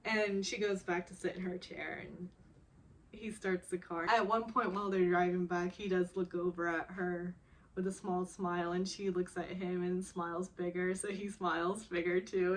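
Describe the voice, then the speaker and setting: A woman's voice: mid-range voice, normal speed. A young woman casually recapping a drama episode, often giggling and acting out the characters' quotes. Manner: emotional, giggly, acts out quotes.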